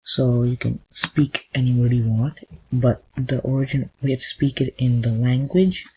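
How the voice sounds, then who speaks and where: A man of ordinary pitch walks through a coding lesson in a loose, off-the-cuff way, breaking off and restarting sentences as he works. A light background hiss sits under his voice, along with the soft clatter of typing and mouse clicks. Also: normal speed, low-quality recording. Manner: thinks aloud while clicking, with frequent restarts. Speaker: coding tutorial host. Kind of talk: casual screen-recorded tutorial.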